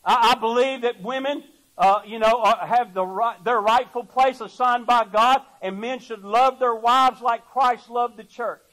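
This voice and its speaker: A man's voice: very high voice, unhurried, a bit bright, poor audio. A man preaching a sermon, emphatic and folksy, repeating words as he builds his point. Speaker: pastor.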